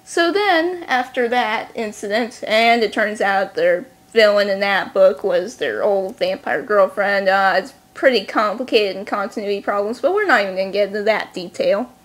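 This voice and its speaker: A woman recapping a book series in a casual vlog, snarky and sarcastic, talking quickly. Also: mid-range voice. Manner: talks fast. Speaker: book reviewer.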